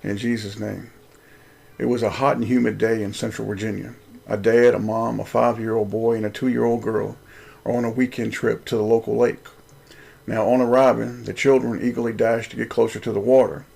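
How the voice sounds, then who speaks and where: A man's voice: fairly low pitch, flat delivery, moderate pace, vocal fry, a little mellow, slightly rough. A man, host of a Christian video channel, reading aloud a story he wrote, in an earnest, preacherly way.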